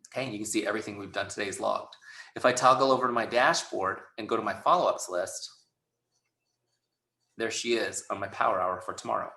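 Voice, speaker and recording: A man's voice: fairly low pitch, vocal fry, bright, forceful tone, echoey room. A man running a webinar training, talking casually and acting out both sides of conversations. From Southern California. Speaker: sales trainer.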